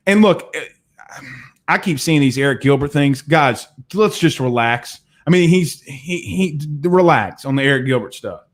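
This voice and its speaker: A man's voice: mid-range voice, moderate pace. A man hosting a live sports talk show, reading viewer comments and making his points with emphatic repetition. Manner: animated, emphatic, repeats phrases, addresses viewers directly.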